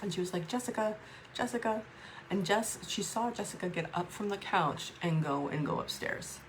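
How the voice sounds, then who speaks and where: A woman talking to camera in a raw, emotional vlog, upset and swearing, with halting restarts. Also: fairly low pitch, gravelly, a little hiss or hum. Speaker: vlogger.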